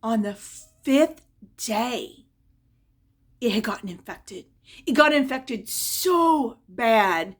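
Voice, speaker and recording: Chatting expressively in a casual vlog, a mid-range-voiced woman recounts a story about her family, her tone turning wistful as she looks back.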